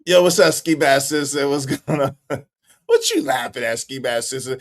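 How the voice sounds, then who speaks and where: A man's voice: mid-range voice, moderate pace. A male live stream host who thanks donors and teases his chat, laughing often and repeating himself. His voice swings widely up and down as he talks. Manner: animated, teasing, laughs often, repeats phrases.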